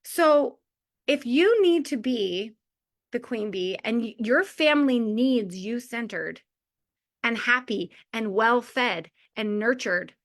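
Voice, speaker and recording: A woman in her forties gives a heartfelt motivational talk to a community of mothers, chatty, full of "like" and small laughs. Her fairly high voice is animated but slow.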